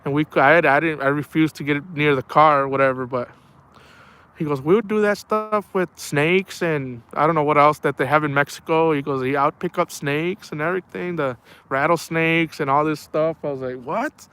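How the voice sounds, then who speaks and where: A man's voice: fairly high pitch, normal speed, a bit bright, clear, resonant tone. A man chatting casually on a live stream while night fishing, rambling through stories and calling listeners man and bro. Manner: rambling, storytelling, says man and bro a lot. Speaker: outdoors streamer. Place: outdoors at night near water.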